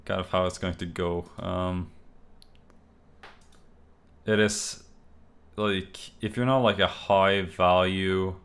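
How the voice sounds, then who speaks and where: A man's voice: sits low, steady tone, takes it slowly, pauses often, a bit bright. Exasperated rambling young man. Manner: rambling, exasperated, many fillers and restarts. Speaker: streamer. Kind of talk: casual solo stream talk.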